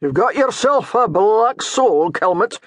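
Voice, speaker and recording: A woman narrator voicing a gruff, mocking male priest with a thick Scottish brogue. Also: mid-range voice, lively intonation, slow pace, no echo, studio quality, pitched above the performer's own voice. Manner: baiting, scolding, dour.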